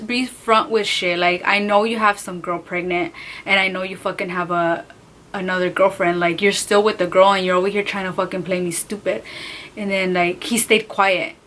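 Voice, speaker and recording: A young woman telling a storytime vlog, animated and profane, acting out the other people's voices as she goes. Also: medium pitch, moderate pace. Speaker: vlogger.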